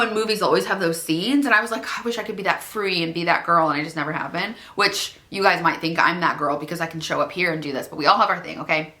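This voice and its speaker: Young female vlogger, bright tone, casual and rambling, speaking to camera alone in her room. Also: fairly low pitch. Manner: rambling, heavy use of "like". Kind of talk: chatty self-help vlog.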